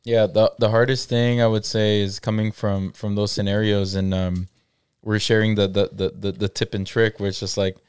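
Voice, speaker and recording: A man's voice: lowish voice, level tone, moderate pace, a little mellow, clean tone, no echo, clean studio sound. A man co-hosting a podcast, talking reflectively in casual chat with many fillers. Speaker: podcast co-host.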